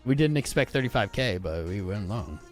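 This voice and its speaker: A young man hosts a casual livestream, talking straight to his viewers in an excitable, informal way. His pitch swings widely as he speaks. Faint music plays underneath. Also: brisk. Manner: animated, swearing, informal and excitable. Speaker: crypto livestream host. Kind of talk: casual livestream chat reading viewer comments.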